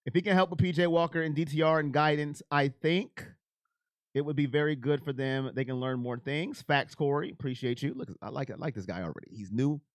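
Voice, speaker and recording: A man hosting a casual live stream. He chats with viewers by name and talks in an emotional, animated way. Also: fairly high pitch, a little fast, dry recording. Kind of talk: casual live chat about football.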